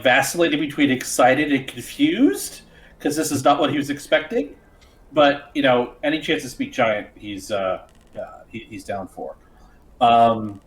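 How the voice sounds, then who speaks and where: Male player, hesitant casual talk, echoey room. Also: medium pitch. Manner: rambling, hesitant. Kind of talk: casual tabletop game play.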